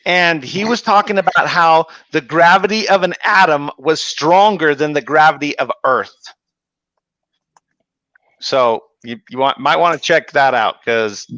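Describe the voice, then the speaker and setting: Casting: excitable man, higher-pitched, dry close sound, stumbles over words. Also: unhurried, no room sound. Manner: excitable, stammering, playful. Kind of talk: casual livestream chat.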